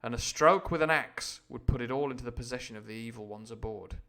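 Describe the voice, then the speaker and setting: A man's voice: mid-range voice, quick pace, bright, forceful tone. Playful man reading aloud with chatty asides. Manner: playful, irreverent, breaks off to explain. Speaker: storyteller on a live stream.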